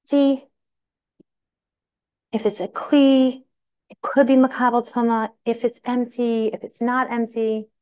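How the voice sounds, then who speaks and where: Animated woman teaching a women's class. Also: fairly high pitch, slow, long pauses. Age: adult. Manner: animated storytelling, acts out quotes.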